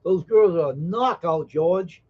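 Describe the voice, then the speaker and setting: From the American South, a man hosts a live stream at home, joking casually with viewers and reading their comments in a folksy way. His voice is high with a measured pace, and the stream audio is dull and lo-fi.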